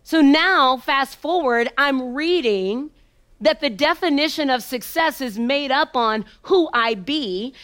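A woman motivational speaker recounts a personal story in a fairly high voice. She takes her time, leaning on repetition and dramatic pauses. At tender moments she sinks to a hushed near-whisper. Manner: emphatic, repetitive rhythm.

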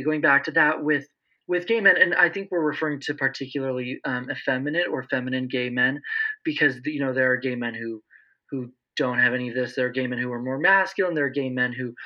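A young man in his twenties, a guest explaining speech patterns in casual conversation, animated, with slightly sharpened S sounds. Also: medium pitch. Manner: animated, lively, slips into imitated voices. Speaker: interview guest, speech-language pathology student. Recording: dull, lo-fi sound.

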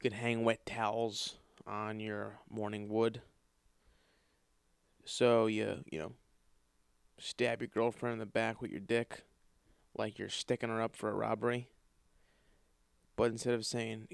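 A man's voice: on the low side, little pitch movement, a little slow, gravelly, long pauses, smooth, no echo, clean studio sound. A man hosting a podcast, telling rambling comedic stories with plenty of swearing and acted-out dialogue. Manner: profane, storytelling, acts out quoted voices. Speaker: podcast host. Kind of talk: casual comedic monologue.

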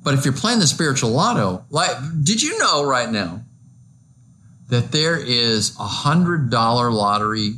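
A man's voice: mid-range voice, very animated, measured pace, pushed and bright, slight background noise. A male pastor giving a conversational, joking sermon full of rhetorical questions to his listeners.

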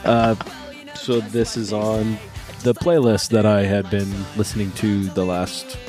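A man's voice: fairly low pitch, little pitch movement, a little slow, darkish tone. A man co-hosting a casual music podcast, talking in a laid-back, rambling way. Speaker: podcast co-host. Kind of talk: casual chat.

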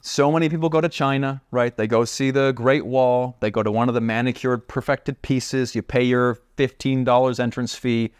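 A man who is a podcast guest, telling a story in an animated, chatty way with lots of asides. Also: medium pitch, moderate pace, hardly any pauses, smooth, no echo, studio quality. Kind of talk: casual storytelling.

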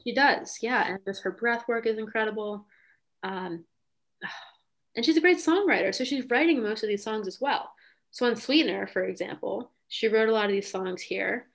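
A woman's voice: mid-range voice, moderate pace, vocal fry. A young adult woman hosting a podcast in casual chat, talking enthusiastically with frequent "um" and "like". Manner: enthusiastic, lots of "um" and "like". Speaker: podcast host.

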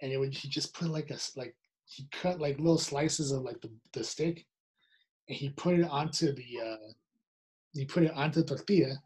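A young man in a relaxed podcast chat, talking with hesitant restarts. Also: mid-range voice, normal speed, husky. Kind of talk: casual chat.

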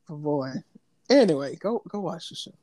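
A man's voice: fairly high pitch, expressive, unhurried, dark tone, no room sound. A man co-hosting a podcast, talking loosely in slang and laughing often as he tells stories. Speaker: podcast co-host. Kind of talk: casual chat.

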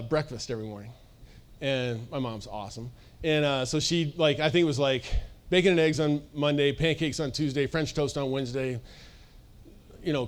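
A middle-aged man preaching a sermon as pastor, energetic and conversational, joking with the congregation. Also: fairly high pitch. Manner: energetic, conversational, sings snippets and jokes with the audience.

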